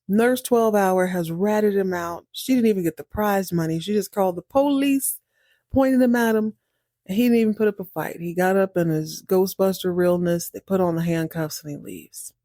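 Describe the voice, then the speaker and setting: A woman with a mellow, relaxed voice chats through a TV recap in a wry, playful way, laughing often and acting out the characters' lines as she goes. The recording is dry and close, with no room sound. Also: medium pitch, no room sound. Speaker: podcast host recapping a TV series. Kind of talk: casual recap commentary.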